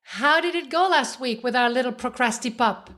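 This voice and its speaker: A woman's voice: a little high, bright, forceful tone. Upbeat Swiss French woman hosting. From French-speaking Switzerland. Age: middle-aged. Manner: playful and encouraging, with dramatic slowed emphasis. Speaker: podcast host. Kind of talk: motivational podcast talk.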